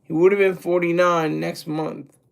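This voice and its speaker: Streamer type: man with a high, gravelly voice, crude and mocking, rambling livestream rant. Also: little pitch movement, normal speed.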